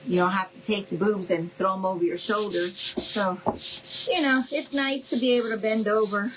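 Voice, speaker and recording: A woman's voice: mid-range voice, fairly even intonation, moderate pace, noisy background. Chatty woman crafting live. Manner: chatty, folksy, talks straight to viewers. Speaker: craft video host. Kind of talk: casual livestream crafting chat.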